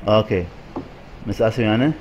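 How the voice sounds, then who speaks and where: Male English teacher, rapid talker who code-switches and repeats himself, online class. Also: on the low side, background noise. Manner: mixes English and Arabic, repeats prompts.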